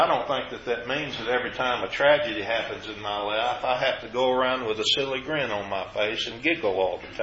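A man preaching a sermon, earnest and explanatory, rising in pitch as he quotes scripture. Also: a bit bright, roomy sound, highs cut off.

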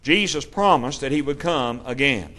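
Male preacher, mid-pitched voice, sermon, steady teaching, emphatic scripture reading. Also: moderate pace.

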